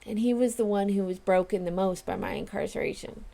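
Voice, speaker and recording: A woman's voice: medium pitch, brisk, vocal fry, warm tone. A woman in her forties speaking straight to her viewers in a casual vlog, earnest and emphatic as she reassures them. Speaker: vlogger and home confinement advocate. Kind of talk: casual direct-to-camera vlog.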